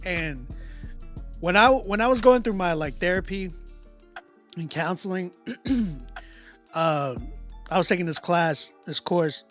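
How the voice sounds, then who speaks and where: A man hosts a live music critique stream, chatting casually in a loose, slangy way, often laughing and restarting his sentences. His voice sits high with a fairly bright tone, and he talks slowly with long pauses.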